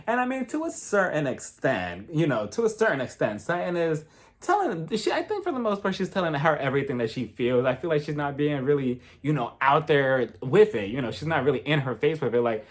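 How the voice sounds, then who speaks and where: A man giving a casual, gossipy recap of a reality show, dramatic and animated, laughing often. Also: a little high, a little fast. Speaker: reality TV reviewer.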